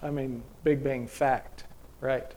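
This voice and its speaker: A man's voice: medium pitch, fairly even intonation, slow, dark tone. A middle-aged man preaching a sermon in a folksy, conversational way, full of restarts and rhetorical questions.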